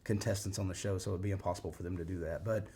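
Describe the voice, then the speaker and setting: A man's voice: low voice, steady tone, racing, mellow, slight background noise. A man, a guest chatting casually in an interview and rambling with lots of fillers. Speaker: former weight-loss show contestant, guest.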